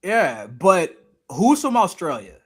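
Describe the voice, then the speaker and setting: A man co-hosting a wrestling podcast, joking and thinking out loud in casual chat. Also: sits high, sing-song, slow pace, breathy edge. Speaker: podcast co-host.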